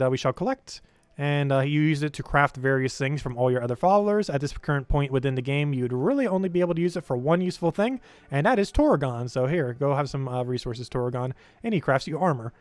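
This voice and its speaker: A man's voice: mid-range voice, clean tone, dry recording. A young man live-streaming a game, giving casual, rambling commentary full of filler words.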